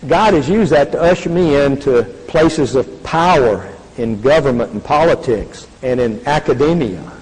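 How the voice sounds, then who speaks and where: A man's voice: mid-range voice, darkish tone, husky. An older man giving an earnest faith testimony, speaking with a preacherly, repetitive cadence. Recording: reverberant hall.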